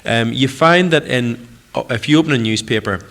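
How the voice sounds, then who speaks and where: A young Northern Irish man, a TV presenter appearing as a radio guest, tells funny anecdotes in a casual chat and laughs his way through them. His mid-range voice is gravelly and fairly bright, at a normal speed, and his manner is chatty and jokey.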